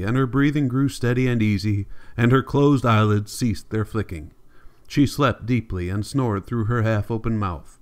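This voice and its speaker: A man narrating a classic novel as an audiobook, steady and measured. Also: mid-range voice. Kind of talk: scripted narration.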